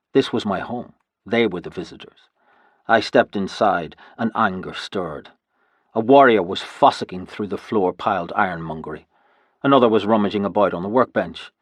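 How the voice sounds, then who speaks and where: Male audiobook narrator, low pitch, husky tone, dry close sound, measured first-person reading. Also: no echo. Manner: measured storytelling, voicing every character himself.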